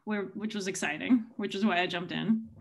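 A moderator cuts in politely over a video call at a middle pitch. The speech is hesitant and courteous. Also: a little fast, gravelly, slight background noise. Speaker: session moderator. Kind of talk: online conference moderation.

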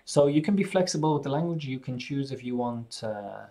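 A man's voice: medium pitch, lively intonation, a little fast, mellow. A man with an Irish accent gives a loose, conversational English lesson on a live stream. He rambles, restarts his sentences and drops in plenty of fillers as he thinks aloud. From Ireland. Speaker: English teacher. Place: living in Spain.

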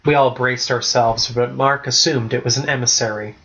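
In a slightly dull, lo-fi recording, a man with a middle-pitched voice narrates a first-person storybook chapter as an audiobook reader. He keeps a steady, even delivery at normal speed.

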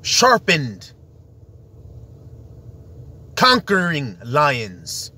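A man's voice: a little high, wildly swooping pitch, very slow, pushed and bright, slightly rough. A man preaching in an emphatic, rambling monologue, full of rhetorical questions.

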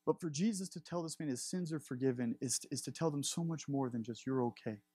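A man's voice: a little high, quick pace, mellow, slightly rough. A man preaching a sermon as pastor, earnest and building his emphasis.

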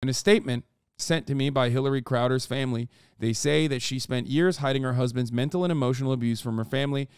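A man's voice: medium pitch, fast, clean tone, no room sound, clean studio sound. Profane, incredulous streamer man. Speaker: streamer and commentator. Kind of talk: casual reaction commentary, reading an article aloud.

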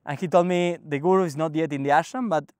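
Halting, animated man with a dry sound. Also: fairly high pitch, no echo. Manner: animated, halting, frequent restarts and fillers. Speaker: guest sharing a spiritual experience. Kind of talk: casual storytelling conversation. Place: ashram.

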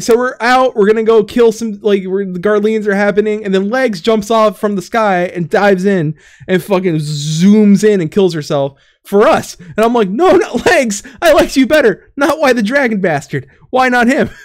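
Animated high-voiced man rambling through a recap. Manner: rambling, profane, laughing often, acts out characters. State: out of breath. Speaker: podcast co-host recapping a game story. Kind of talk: casual chat.

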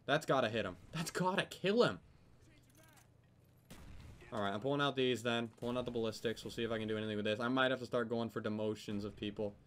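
A young man giving live commentary over a video game, swearing often and yelling when things go wrong. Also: mid-range voice, slight background noise. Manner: swears a lot, yells when frustrated. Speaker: gaming commentator.

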